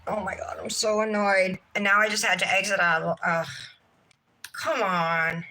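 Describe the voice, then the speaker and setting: Bright-voiced exasperated woman streamer. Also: medium pitch, level tone, moderate pace, low-quality recording. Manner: exasperated, talks to herself and the chat. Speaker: nail art livestream host. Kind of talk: casual livestream chat to viewers.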